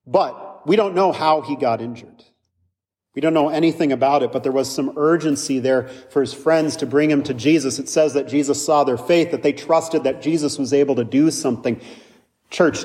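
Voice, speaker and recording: A man's voice: medium pitch, darkish tone, in a large hall. A man, a pastor, preaching a conversational sermon full of rhetorical questions.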